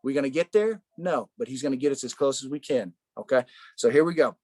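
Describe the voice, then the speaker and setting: A man leading a casual Bible study, animated, asking rhetorical questions and saying "man" a lot. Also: mid-range voice, fairly quick, no echo.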